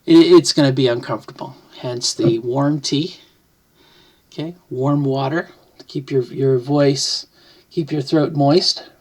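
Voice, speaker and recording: A middle-aged woman vlogs from home near the kitchen, casually explaining things to the camera in an extremely low, fairly even, unhurried voice with a slightly mellow quality. She rambles and thinks aloud, often correcting herself mid-sentence.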